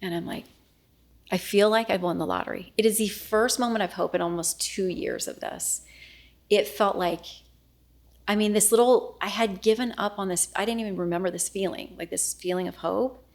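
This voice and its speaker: A middle-aged woman, a news anchor, telling a personal story in an interview, earnest and often dropping to a hushed voice as she re-enacts what was said. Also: mid-range voice, expressive, moderate pace, gravelly. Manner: earnest, reenacts dialogue, often drops to a hushed voice.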